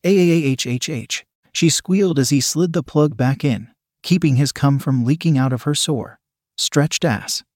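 A man narrating an adult story in a steady, even reading voice. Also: fairly high pitch, normal speed, dry recording, clean studio sound.

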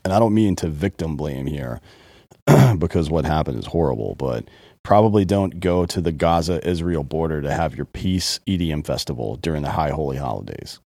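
Podcast co-host, man, deep dark voice, blunt and profane, dry close sound. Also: expressive, moderate pace, dry recording. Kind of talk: casual chat.

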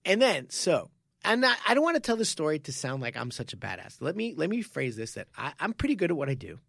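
A man's voice: a little high, quick pace, creaky, no echo, studio quality. A man, a martial arts coach and podcast co-host, telling a story in casual chat with frequent laughs and restarts. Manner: animated, laughs often, lots of restarts.

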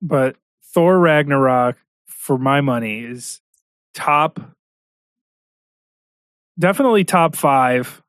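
A man chatting casually about a movie, excitable, quoting lines in funny voices. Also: medium pitch, slow, pauses often, no room sound, clean studio sound.

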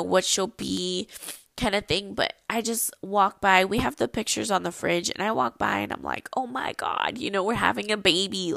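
A woman's voice: medium pitch, creaky, a bit bright, no echo. A pregnant young woman chatting casually on her own podcast, rambling with lots of ums. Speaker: podcast host. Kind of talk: casual solo podcast chat.

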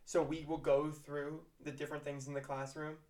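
A man teacher co-hosting a podcast in casual chat, telling lively classroom stories and acting out scenes. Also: on the high side, moderate pace. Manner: animated storyteller who acts out classroom scenes.

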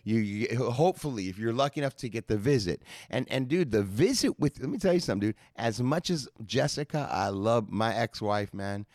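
A man's voice: mid-range voice, lively intonation, fairly quick, few pauses, a little mellow, dry recording, studio quality. A man talking in a casual podcast chat, reflective and loosely phrased, swearing freely.

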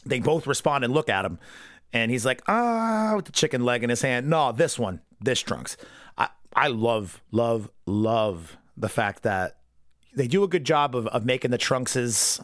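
A man's voice: mid-range voice, lively intonation, fairly bright tone, dry recording, studio quality. Profane, rambling casual male podcaster. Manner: profane, rambling, acts out character lines in quick impressions. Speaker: podcast host reviewing an anime episode. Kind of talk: casual unscripted commentary.

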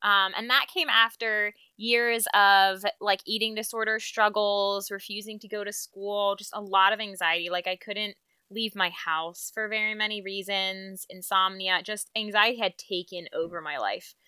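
Young woman guest, bright crisp voice, reflective and halting. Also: medium pitch, fairly even intonation, dry recording. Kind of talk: casual conversation.

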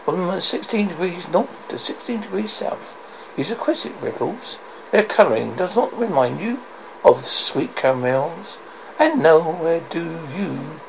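A man voicing a fat, scheming older villain baron with a rumbling low voice, gloating and commanding. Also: very animated, slow, vocal fry, slight background noise, heavily acted, low-quality recording. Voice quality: rumbling basso.

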